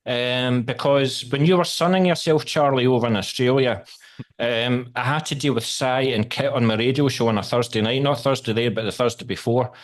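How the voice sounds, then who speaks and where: A man's voice: mid-range voice, normal speed. A man with a Scottish accent hosting a casual band interview, joking, teasing and swearing lightly. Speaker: interviewer and radio host. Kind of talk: casual video call interview.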